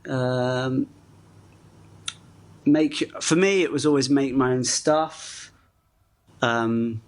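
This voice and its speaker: Male actor guest from the UK, mid-pitched, chatty, self-deprecating, laughs mid-story. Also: very slow. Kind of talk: casual interview chat.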